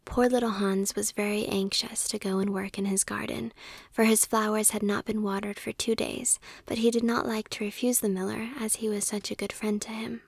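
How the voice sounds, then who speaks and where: A woman reading a story aloud in a whisper, in a soft, steady way. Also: medium pitch, normal speed, creaky, slightly rough, no echo.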